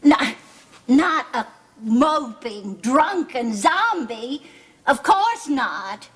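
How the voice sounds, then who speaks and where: A fussy, high-voiced soap-opera mom. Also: female voice, sing-song, very slow, a bit bright, breathy edge, full character voice. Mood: scolding. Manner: fretful, scolding and pleading by turns. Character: fussy, flustered middle-aged mother. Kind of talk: 1970s TV soap acting.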